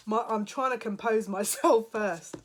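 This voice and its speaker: A woman's voice: mid-range voice, steady tone, moderate pace, a little hiss or hum. Emotional woman giving a psychic reading. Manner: emotional, laughing, tearful at moments. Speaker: psychic reader. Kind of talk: spiritual card reading to camera.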